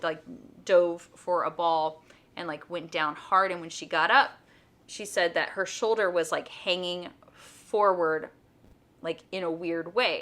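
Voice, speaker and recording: A woman's voice: on the low side, bright, forceful tone. A middle-aged woman, a homeschooling mom and nurse, telling a personal story in a casual vlog, chatty and full of fillers. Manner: chatty, with many fillers like "um" and "you know".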